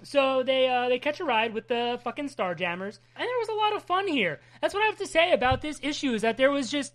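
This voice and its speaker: Woman, high voice, casual comic recap, frequent swearing, animated storytelling. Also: a little fast. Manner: profane, laughing, animated storytelling. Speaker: comic book podcast co-host.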